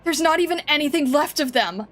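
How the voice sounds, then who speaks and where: A woman's voice: high-pitched, expressive, fairly quick, fairly bright tone, voice pushed up. A woman voicing a stern young woman investigator who speaks coldly and accuses, over faint background music. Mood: accusing. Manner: cold and accusing, rising to anger.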